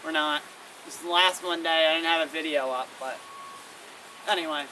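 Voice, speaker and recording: A man's voice: on the high side, big pitch swings, moderate pace, vocal fry, sharp tone. A man giving a casual, rambling weather vlog outdoors, often correcting himself. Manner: rambling, self-correcting, trying foreign words. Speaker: weather vlogger. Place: outdoors in wind. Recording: distant windy outdoor recording.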